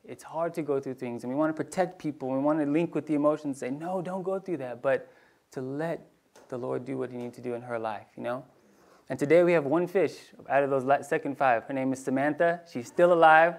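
A man preaching in a casual storytelling way, acting out voices in his anecdotes and dropping to a hushed tone for tender moments. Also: medium pitch, fairly even intonation, a little fast. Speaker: pastor. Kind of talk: storytelling sermon.

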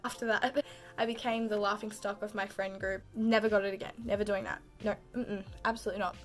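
A woman's voice: mid-range voice, level tone, fairly quick, over music. A young woman vlogging casually, telling a funny story with lots of "like" and frequent giggles. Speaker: beauty vlogger.

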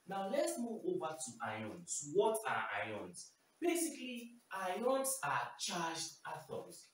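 A chemistry teacher giving a simplified video lesson, repeating key terms and often checking in with "okay?". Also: medium pitch. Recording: very echoey room, voice far from mic, faint noise.

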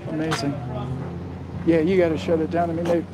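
High-voiced man chiming in outdoors. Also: little pitch movement, brisk. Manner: casual, agreeable, chiming in. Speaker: camera operator and co-host. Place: outdoors on a busy town street. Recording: noisy outdoor street recording.

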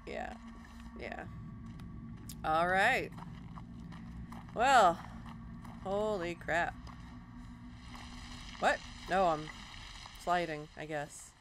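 Young woman let's-player with a lowish voice, mutters then panics, game audio loud behind her. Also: drawn-out words, pauses often, noisy background. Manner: jumpy, talks to herself, swings from mutters to loud panicked outbursts. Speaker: let's play host. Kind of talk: casual gameplay commentary.

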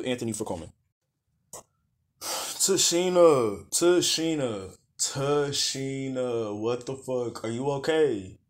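A man roasting red carpet outfits in blunt, profane rants, calling names over and over and telling people to go to hell. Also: a little high. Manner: blunt, profane, exasperated rants with repeated name calls. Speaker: fashion critic.

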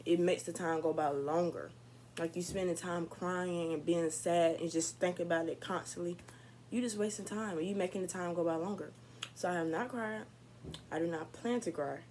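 A woman's voice: low-pitched, a little mellow, slight background noise, poor audio. Chatty young woman vlogging. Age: young adult. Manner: chatty, candid, upbeat. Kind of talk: casual vlog talk to camera.

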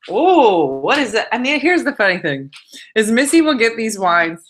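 Middle-aged female host, casual and laughing, bright and animated delivery. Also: on the high side, normal speed. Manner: chatty, laughing, reading viewer comments aloud. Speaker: host of a live wine-tasting show. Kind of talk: casual livestream chat.

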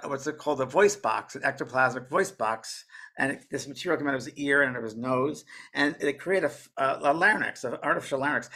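A man's voice: on the high side, pushed and bright. A man who is a spiritual medium, talking casually as a guest, rambling with frequent restarts and repeated words. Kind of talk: casual conversational talk.

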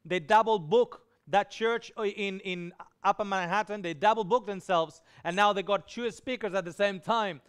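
A man preaching with a high, smooth and resonant voice, telling a personal story with animation. He acts out the people he quotes. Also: moderate pace, hardly any pauses, a bit bright. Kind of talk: storytelling sermon.

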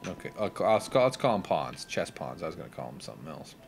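A man's voice: sits low, very animated, fast talker, creaky, slight background noise. A man giving casual, crude, sarcastic commentary over a video game playthrough. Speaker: gameplay commentator. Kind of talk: casual let's play commentary.

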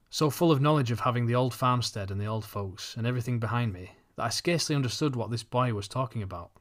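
A man reads an audiobook aloud, narrating in a measured, even storytelling style. His voice is mid-range.

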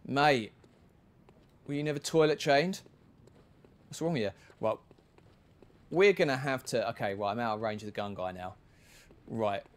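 A man's voice: medium pitch, moderate pace, long pauses. A man giving casual, chatty commentary while playing a video game, with self-mocking asides. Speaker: gaming video creator.

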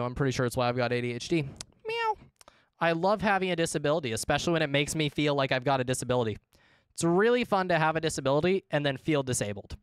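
A man's voice: medium pitch, a bit bright, smooth, dry recording, studio quality. A man streaming a video game, chatting casually to his viewers and swearing freely as he plays. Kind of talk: casual livestream commentary.

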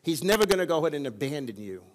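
A man's voice: fairly high pitch, sing-song, very fast, big-room sound, low-quality recording. A man preaching a sermon as pastor, calling on the congregation for responses. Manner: preaching with call-and-response prompts. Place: church sanctuary.

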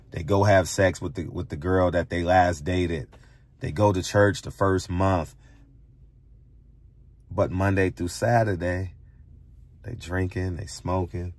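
A middle-aged man from the United States delivering a heated monologue from a barbershop, blunt and preachy, repeating lines and firing rhetorical questions. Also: sits low. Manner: hammers points with rhetorical questions. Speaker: barbershop commentator.

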